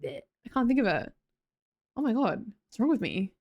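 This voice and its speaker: A woman's voice: a little high, very animated, normal speed, creaky, muffled recording. An Australian woman live streamer chatting casually with viewers, scattered and self-mocking, laughing often. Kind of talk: casual chat reading viewer messages.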